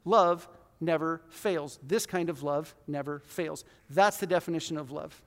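A man in his forties preaching a conversational, self-deprecating sermon in a church hall, with sudden loud bursts. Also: on the high side, a little slow. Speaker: pastor.

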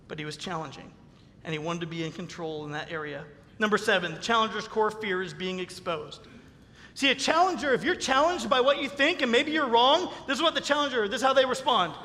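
A man preaching a sermon as pastor, animated, acting out the voices of the people he quotes. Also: very high voice. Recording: long reverb of a hall.

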